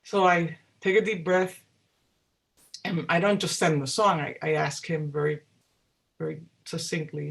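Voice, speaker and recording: A woman singer-songwriter, a guest in an interview, telling stories in a lively way and acting out the dialogue she quotes. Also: deep voice, normal speed, vocal fry, pauses often. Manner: animated, acts out quoted dialogue. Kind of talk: storytelling in a casual interview.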